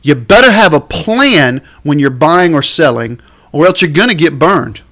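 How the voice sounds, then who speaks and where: Man, podcast host, ranting, exasperated, emphatic, drawn-out stresses, lively swooping pitch. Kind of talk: podcast rant.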